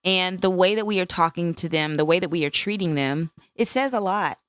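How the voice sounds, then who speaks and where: Woman, 50s, podcast host: low, smooth voice, dry close sound, candid and conversational. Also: brisk, dry recording. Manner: candid, conversational, frequent "right?" asides. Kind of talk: solo podcast reflection.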